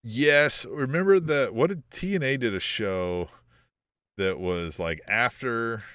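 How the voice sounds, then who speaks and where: A man's voice: medium pitch, slow, fairly bright tone, smooth. A man co-hosting a wrestling podcast, chatting in a laid-back, hesitant way. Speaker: podcast co-host. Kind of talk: casual wrestling chat.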